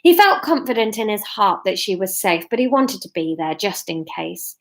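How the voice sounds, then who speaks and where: Live-streaming from home, a woman in her thirties reads aloud from a novel she wrote, teasing herself and readily laughing at her own expense. Her medium-pitched voice is expressive, and she's in her living room.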